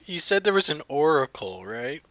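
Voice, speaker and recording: A man's voice: fairly high pitch, big pitch swings, normal speed, pushed and bright. A man co-hosting a podcast over a call, tossing in laid-back joking asides. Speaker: podcast co-host. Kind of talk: casual chat. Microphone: video call.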